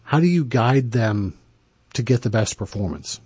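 A man interviewing a guest, asking deliberate, measured questions. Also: medium pitch, lively intonation, darkish tone, slightly rough, no echo.

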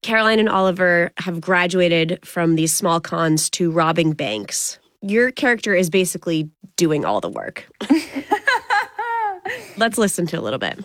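A woman interviewing a guest, asking curious, lively questions. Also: on the low side, normal speed, no room sound, clean studio sound. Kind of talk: radio-style interview.

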